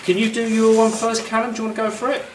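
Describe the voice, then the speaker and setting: A man teacher hosting a school podcast in a room, talking in a brisk, encouraging and jokey way. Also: high-pitched, little pitch movement. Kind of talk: casual school podcast chat. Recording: echoey room, distant mic, noisy.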